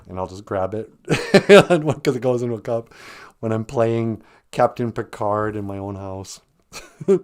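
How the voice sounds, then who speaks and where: A man hosts a loose, joking livestream and keeps breaking into laughter between comments. His voice is highly animated, with pitch swinging from low mutters to high exclamations as he rambles from one tangent to the next. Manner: giggly, rambling, jokey, calls people sweetie. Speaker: livestream host reading viewer comments. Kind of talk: casual livestream chat.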